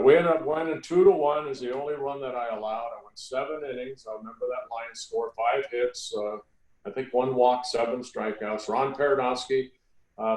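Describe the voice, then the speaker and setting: A man in his sixties, a former pitcher, telling relaxed anecdotes as a podcast guest, with frequent "uh" and "you know". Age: 60s. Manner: relaxed anecdotal storytelling with many fillers. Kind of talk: storytelling in a podcast interview. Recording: roomy echo.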